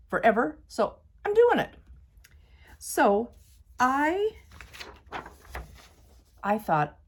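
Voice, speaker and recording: This is a woman quilting vlogger with a lowish, darkish voice, chatting casually to her viewers while she sews. She's chatty and self-doubting, calls her audience "you guys," and alternates between fretting and giving herself pep talks.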